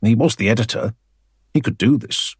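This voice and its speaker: A man narrating an audiobook in a wry, expressive storytelling manner. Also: medium pitch, normal speed, husky, dry recording.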